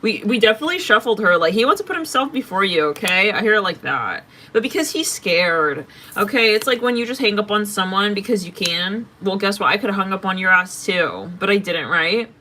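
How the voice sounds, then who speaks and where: Woman doing a tarot reading, bright sharp voice, blunt and fed up, swears a lot. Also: medium pitch, lively intonation, a little fast, few pauses, a little hiss or hum. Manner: blunt, exasperated, swears freely. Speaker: tarot reader. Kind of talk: casual tarot reading to camera.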